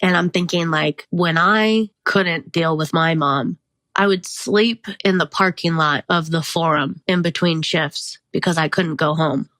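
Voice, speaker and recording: A woman's voice: low voice, unhurried, fairly bright tone, dry recording. A woman in her thirties, the host, talking through her own life in a candid, rambling monologue, full of "like" and small laughs. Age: 30s. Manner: rambling and confessional, frequent "like" fillers, laughs often. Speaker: podcast host.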